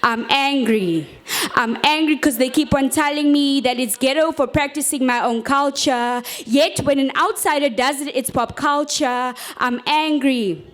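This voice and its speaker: A young woman from Africa, performing impassioned, rhythmic spoken word poetry at a rooftop bar. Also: high-pitched. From South Africa. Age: young adult. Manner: impassioned, rhythmic, repeating refrains.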